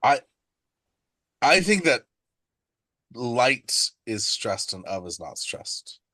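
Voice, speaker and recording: A man's voice: medium pitch, big pitch swings, slow pace, pushed and bright, no room sound. A man student in a seminar, thinking aloud hesitantly about which syllables are stressed. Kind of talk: seminar discussion.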